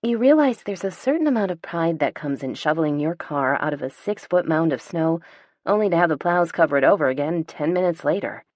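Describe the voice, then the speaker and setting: Woman reading a first-person audiobook: low voice, dry studio sound, wry and sardonic with pointed emphasis. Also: expressive, fairly quick, darkish tone, dry recording. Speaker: audiobook narrator.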